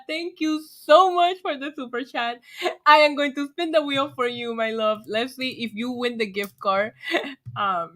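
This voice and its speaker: Woman streamer, high and bright, excitable, tipsy, swears a lot. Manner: excitable, swears freely, laughs often. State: getting tipsy from shots. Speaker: livestream host. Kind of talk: casual livestream chat.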